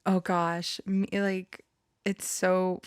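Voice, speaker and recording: Speaking in a fairly low, level voice with drawn-out words and a clear, resonant tone, a woman tells a rambling personal story. She's a channeler and storyteller, and in this casual monologue she giggles often, restarts sentences, and uses many fillers, seeming embarrassed and self-conscious. The sound is clean studio audio with no room sound.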